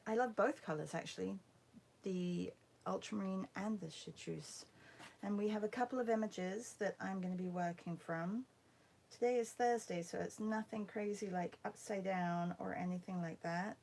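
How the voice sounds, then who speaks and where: A woman leads a relaxed livestream art class, taking her time as she chats and greets viewers by name. Her mid-range voice carries a gravelly fry, and now and then she drops into a near whisper. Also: mid-range voice. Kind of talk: casual livestream art lesson.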